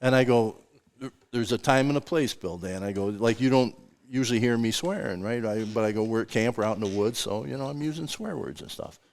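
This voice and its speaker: Older male host, casual storyteller, chuckles through his tales, plays out the voices in them, mid-pitched voice. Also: a little fast, few pauses, slight background noise. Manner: chuckling, acts out voices in anecdotes. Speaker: podcast host.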